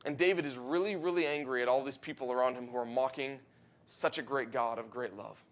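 A man preaching a sermon in an earnest way, rising to emphatic peaks and slowing down to give words weight. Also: mid-range voice. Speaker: pastor.

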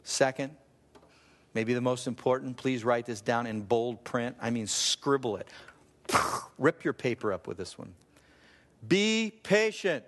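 A man preaching a sermon as a pastor, voice climbing high for emphasis, laughing at himself now and then. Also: steady tone, a little slow. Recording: long reverb of a large hall.

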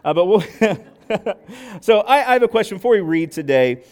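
Halting, high-voiced man preaching. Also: expressive, a little mellow. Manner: conversational, halting, many restarts. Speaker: lay preacher. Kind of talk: casual sermon with anecdotes.

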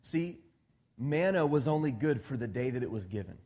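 A man's voice: medium pitch, expressive, normal speed, warm tone. A man preaches in a casual, conversational way, often turning to the congregation with questions and slipping into voices for the people in his story. His voice sits in a middling range and rings out with the long reverb of a big hall. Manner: conversational, asks the congregation questions, acts out quoted dialogue. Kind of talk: sermon.

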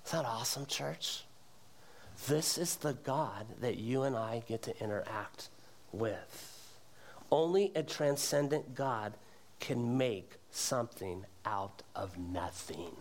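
A middle-aged man preaching a sermon in church, with animated delivery that climbs to emphatic peaks. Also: medium pitch, takes it slowly, a little hiss or hum. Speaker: pastor. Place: church sanctuary.

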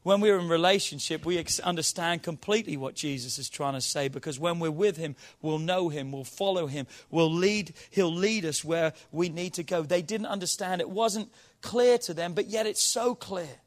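A man's voice: fairly high pitch, moderate pace, hardly any pauses. A man preaching to his congregation. He quizzes the room playfully, reads scripture and builds to emphatic, rising appeals. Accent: non-local accent. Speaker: pastor. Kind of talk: sermon. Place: church hall with congregation.

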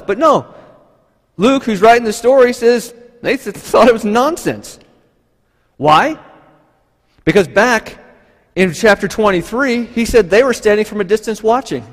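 A man preaching a sermon, telling the story with animated energy and acting out the people in it. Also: high-pitched, measured pace, long pauses, big-room sound. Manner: animated storytelling, acts out voices. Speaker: pastor.

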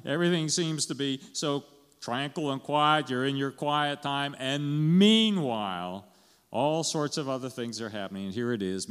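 A man's voice: medium pitch, smooth, big-room sound. A man pastor preaching a conversational sermon in a church, asking the congregation questions and chuckling as he goes.

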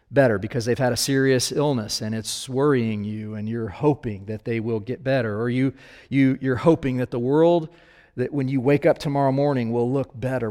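A man's voice: mid-range voice, darkish tone, in a large hall. A man giving a conversational sermon as a pastor, talking straight to his listeners and asking them questions. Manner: casual, talks directly to listeners with questions.

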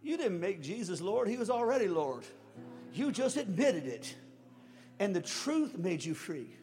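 A man preaches a sermon in a very high voice, trading quiet, drawn-out lines for shouted peaks and chuckling through his stories. His words ring with the long reverb of a large hall, and soft music plays faintly underneath. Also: very animated. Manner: swings from hushed to shouting; storytelling with chuckles.

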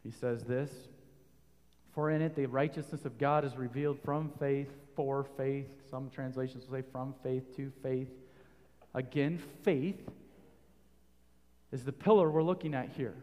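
A man preaching a sermon, rising to loud emphatic peaks and putting questions to his listeners. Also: mid-range voice, steady tone, unhurried, big-room sound.

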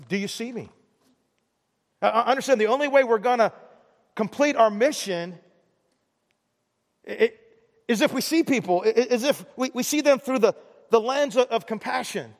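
A man's voice: high-pitched, big-room sound. A man preaching a sermon in a conversational way, often restarting words and pressing harder on the key points. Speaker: pastor.

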